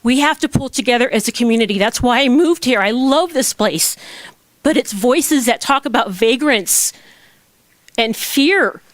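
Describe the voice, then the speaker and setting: A woman's voice: a little high, expressive, normal speed, dry recording. Impassioned woman speaking at a council podium. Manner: impassioned, emphatic rhetorical questions. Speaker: public commenter. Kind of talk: public comment at council meeting. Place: town council chamber.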